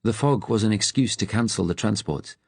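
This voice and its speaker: A man reading a novel aloud in measured, even-toned narration. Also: fairly low pitch, vocal fry, breathy edge, no room sound. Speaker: audiobook narrator. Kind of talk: scripted audiobook narration.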